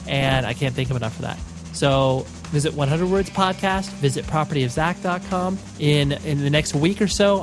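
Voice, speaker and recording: A sick man with a nasal voice, hosting a podcast and wrapping up the episode in a rambling, apologetic way. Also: fairly high pitch. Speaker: podcast host. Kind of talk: casual podcast outro. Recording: music playing underneath.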